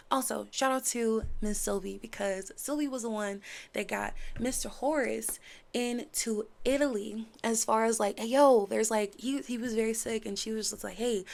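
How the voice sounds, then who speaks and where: A woman reviewing a series in casual chat, animated, acting out characters' lines as she recaps. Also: a little high, gravelly. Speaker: show reviewer.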